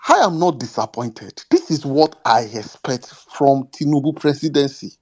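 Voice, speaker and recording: Measured man speaking on a panel. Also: mid-range voice, lively intonation, a little mellow, slightly rough. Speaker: guest speaker.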